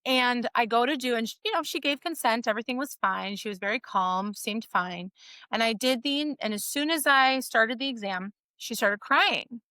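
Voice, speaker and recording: A woman physical therapist, a guest on an interview show, explaining her work in casual, animated talk full of "like" and "right?". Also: on the high side, moderate pace, clear, resonant tone, no room sound. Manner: animated storytelling, frequent "like" and "right?".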